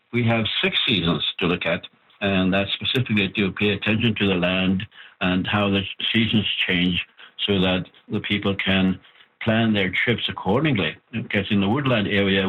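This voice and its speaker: A man being interviewed as the author of a language book, patiently explaining terms and often slowing down to spell them out. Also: fairly low pitch, slightly rough. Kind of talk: interview answers over the phone. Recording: tinny phone line.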